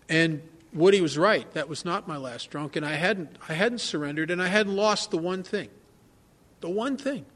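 At a recovery meeting, a man gives a candid, self-mocking personal testimony, often turning to the listeners with asides. His voice sits high and a bit bright, at a normal speed.

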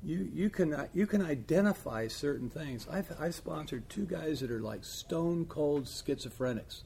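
A man's voice: a little high, animated, unhurried, vocal fry, darkish tone, a little hiss or hum. A man talking as a recovery sponsor in a rambling, blunt way, full of fillers and asides. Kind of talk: casual chat.

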